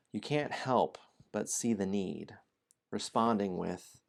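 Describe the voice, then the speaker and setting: A man with a fairly low, darkish voice speaks unhurriedly while hosting a game stream. He chats playfully and apologetically with viewers, laughs often, and reads a story aloud, mixing casual stream talk with storybook narration.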